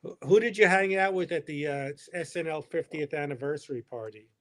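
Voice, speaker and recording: A man's voice: on the high side, fairly quick, a bit bright. A man co-hosting a live comedy stream in casual chat, laughing often and restarting his sentences.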